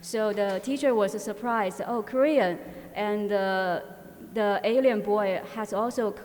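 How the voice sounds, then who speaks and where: Woman, conference presenter, mid-pitched, halting delivery full of fillers, long hall reverb. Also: fairly even intonation, darkish tone. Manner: halting, frequent filler pauses and restarts. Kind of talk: academic conference talk.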